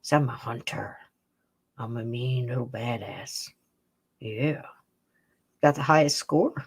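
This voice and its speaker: A woman voicing her male house cat as a proud, boastful hunter, in a lower, gruffer voice. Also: slow pace, exaggerated voice.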